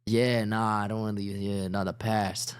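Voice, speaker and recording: A man's voice: fairly low pitch, flat delivery, measured pace, smooth. A young man who is a podcast guest, talking in a hesitant, rambling way with many fillers in casual group chat. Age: young adult.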